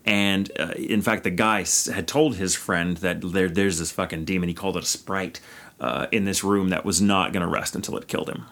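A man's voice: low-pitched, moderate pace, a bit bright. A man co-hosting a podcast, retelling a grim history in casual talk, rambling with restarts and swearing. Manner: rambling, frequent restarts and profanity. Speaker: podcast co-host. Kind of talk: casual storytelling chat.

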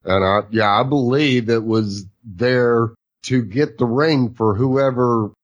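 A podcast co-host in casual chat, giving unhurried, brief replies with a husky voice. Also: mid-range voice, dull audio.

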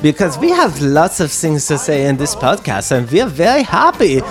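A man doing a hammy, over-the-top fake German host who rolls out a cheery welcome. His pitch swoops around with lively energy, and faint music plays behind him. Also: moderate pace. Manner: hammy, playful.

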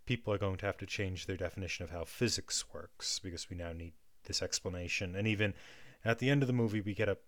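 Thoughtful low-voiced man explaining ideas. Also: fast talker, no echo. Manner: thoughtful, many restarts and "right?" checks. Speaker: guest discussing film and theatre. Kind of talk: casual analytical chat.

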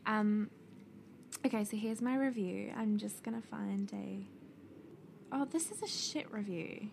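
A young woman, co-hosting a podcast in casual chat, blunt, excitable and quick to swear. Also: mid-range voice, gravelly, slight background noise. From New Zealand. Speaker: podcast co-host.

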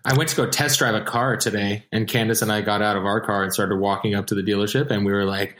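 A man's voice: on the low side, fast, a little hiss or hum. A man in his forties chatting casually, telling stories and acting out what other people said. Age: 40s. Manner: animated storyteller, acts out other people's lines. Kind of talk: casual chat. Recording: roomy echo.

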